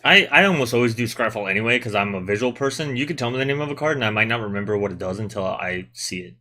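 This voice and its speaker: A man's voice: mid-range voice, animated, fast talker, sharp tone. A man hosting a casual gaming podcast, chatty and teasing, explaining rules at length. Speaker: podcast host.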